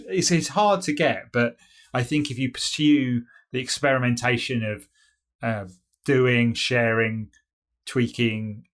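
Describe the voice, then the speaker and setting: Give me a British man speaking at an average pitch, musing hesitantly on a casual podcast. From United Kingdom. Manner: thoughtful, hesitant, many fillers and restarts. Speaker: podcast co-host.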